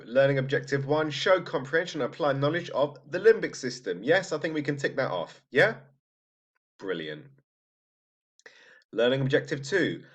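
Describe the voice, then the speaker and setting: A man teaching a recorded psychology lesson in a casual, conversational way, checking in with "right?" and restarting his sentences. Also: medium pitch. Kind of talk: recorded lecture. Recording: slightly dull lo-fi audio.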